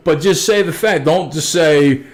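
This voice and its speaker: A man's voice: fairly high pitch, a little slow. A man in a casual podcast chat, thoughtfully explaining his views with some casual swearing. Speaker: podcast co-host.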